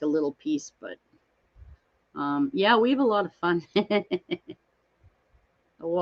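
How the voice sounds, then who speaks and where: Woman host, unhurried rambling chat with viewers, dull lo-fi sound. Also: fairly low pitch. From Canada. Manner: chatty, rambling, reads out and greets viewers by name. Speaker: livestream host.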